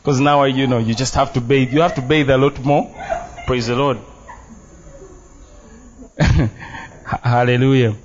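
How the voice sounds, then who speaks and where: A man's voice: mid-range voice, steady tone, a little slow, long pauses, slight background noise. A man preaching a sermon as pastor in a church, emphatic and playful, dropping Luganda phrases into his English. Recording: dull, muffled sound.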